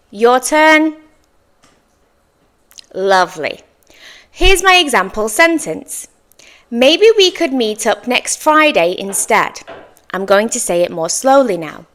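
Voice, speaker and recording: With big pitch swings and a fairly bright tone, a woman's mid-range voice guides learners through an English lesson. She speaks slowly and clearly, praises them encouragingly, and exaggerates her intonation for them to repeat after her.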